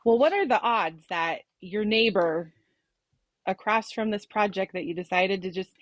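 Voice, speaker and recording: A woman's voice: medium pitch, animated, moderate pace. A woman hosting a podcast, asking long, rambling questions full of fillers. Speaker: podcast host. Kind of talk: interview questions.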